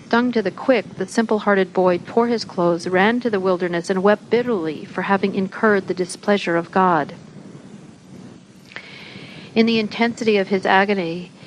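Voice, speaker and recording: Slow, deliberate woman reading scripture. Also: mid-range voice, a little hiss or hum, low-quality recording. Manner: slow, deliberate, occasional slips on words. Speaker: reader at a spiritual gathering. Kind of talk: reading a spiritual text aloud.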